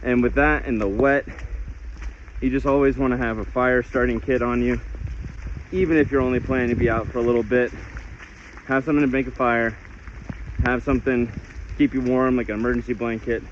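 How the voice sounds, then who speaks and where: A man's voice: medium pitch, fairly quick, pauses often, highs cut off, slight background noise. Breathless man hiking in the rain. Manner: relaxed, practical, self-deprecating. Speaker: hiking vlogger. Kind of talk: casual trail commentary. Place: outdoors on a rainy mountain trail. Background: light rain.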